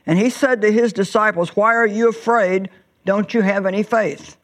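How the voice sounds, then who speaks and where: Woman preaching, emphatic storytelling, drawn-out words, sudden rises. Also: mid-range voice, fairly even intonation. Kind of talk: sermon.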